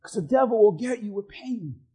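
A man preaching as pastor in a church, swinging between shouted peaks and hushed low passages, acting out the voices of the people he talks about. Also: animated, normal speed, slightly rough, poor audio. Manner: acts out voices of doubters and accusers. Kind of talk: sermon.

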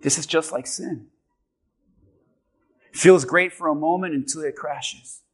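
Male pastor, sermon, high-pitched, animated, loud and soft in turns. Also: measured pace. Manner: animated, swings from quiet asides to shouting. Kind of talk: sermon with object lesson.

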